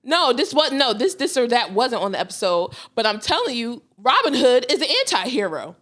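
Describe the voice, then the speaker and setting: A woman co-hosting a podcast, chatting casually with loud laughs and slangy banter. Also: fairly high pitch, sing-song, a little fast. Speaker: podcast co-host. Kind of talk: casual chat.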